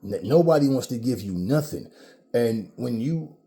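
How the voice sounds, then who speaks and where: Caribbean-born man, mid-pitched, mellow and dark tone, emphatic profane ranting vlog commentary. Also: animated, moderate pace. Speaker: vlogger.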